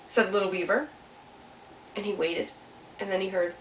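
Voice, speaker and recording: A woman telling a children's story with puppets, animated and asking the kids questions. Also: medium pitch, moderate pace. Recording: roomy sound from a distance, faint hiss.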